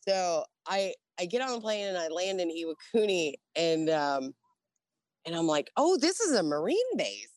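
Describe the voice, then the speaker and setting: Woman in her forties, Navy veteran, casual storyteller, swooping animated pitch, dry close sound. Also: moderate pace, no echo. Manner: lively, profane, laughs often, acts out dialogue.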